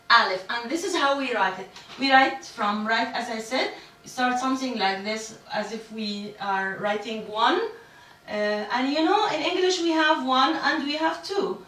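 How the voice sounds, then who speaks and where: A woman who speaks natively, teaching an online language lesson patiently and repeating each letter slowly for learners. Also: sits high, bright, forceful tone, roomy sound, distant mic. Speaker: Arabic teacher.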